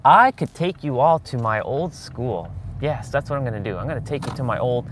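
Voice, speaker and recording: Casting: man in his forties, rambling live-stream host, mid pitch, talking from a car with clear road noise. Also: a little fast. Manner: rambling, chatty, talks to viewers. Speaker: vlogger. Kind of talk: casual live-stream chat while driving. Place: in a car on city streets.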